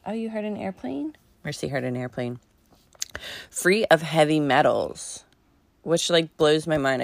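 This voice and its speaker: A woman's voice: deep voice, vocal fry, no room sound. An American woman hosting a podcast, chatting casually and enthusiastically with frequent laughs and fillers. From United States. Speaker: podcast host. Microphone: remote call recording.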